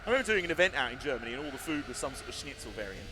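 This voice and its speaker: A man's voice: mid-range voice, big pitch swings, rapid-fire, background noise. A man chatting casually and self-deprecatingly as he live-streams a racing game, wandering into side stories.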